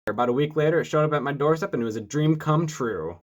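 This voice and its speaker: A man in his mid-twenties from Metro Detroit, hosting a casual vlog and telling his story to camera in an upbeat, steady way. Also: fairly high pitch, fast, highs cut off. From Metro Detroit, USA. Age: 20s. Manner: upbeat, energetic greeting, then steady storytelling. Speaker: vlogger.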